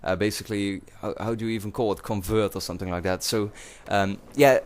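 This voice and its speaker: Young man, Dutch accent, lowish pitch, casual rambling, lots of "you know" fillers. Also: fairly even intonation, fairly quick. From Netherlands. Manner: rambling, many fillers and restarts. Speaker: YouTuber. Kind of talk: casual commentary to viewers.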